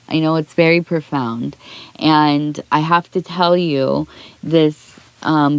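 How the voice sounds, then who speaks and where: A woman's voice: deep voice, no room sound. A woman who reads tea leaves, speaking in an earnest, rambling way with many restarts. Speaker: tea leaf reader. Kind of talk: heartfelt spoken aside in a reading video.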